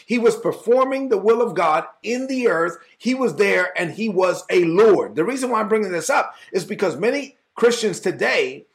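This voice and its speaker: A man preaching a casual Bible teaching, talking to listeners in a conversational, animated way and acting out the people in the story. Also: high-pitched, moderate pace, few pauses. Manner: conversational, animated, acts out dialogue.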